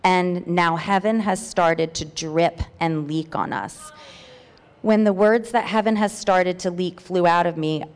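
A woman's voice: fairly low pitch, steady tone, a little slow, clear, resonant tone, big-room sound. A woman reading her personal testimony aloud at a church meeting, earnest and heartfelt, with hesitant fillers. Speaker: church member sharing a testimony.

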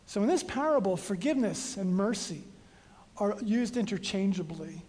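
A preacher delivers a sermon in a large hall, and the voice carries a long, ringing reverb. The delivery is highly animated, with the pitch leaping up and down and sudden jumps from loud, dramatic readings to soft, casual asides aimed at the congregation. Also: moderate pace.

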